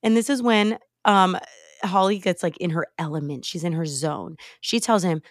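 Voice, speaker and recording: A young woman hosting a podcast from home, retelling a movie plot in a casual, animated way, with sighs and laughs. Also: lowish voice, normal speed, no echo, studio quality. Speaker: podcast host. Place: home, late at night. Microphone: remote call recording.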